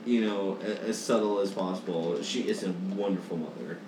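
A man's voice: low-pitched, a little fast, reverberant, recorded from a distance, background noise. A man in casual chat, sincere and emphatic. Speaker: co-host.

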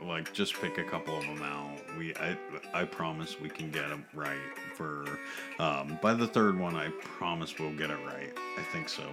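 A man's voice: a bass voice, normal speed, loud music behind the voice. A man co-hosting a podcast in casual chat, rambling and laughing often. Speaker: podcast co-host.

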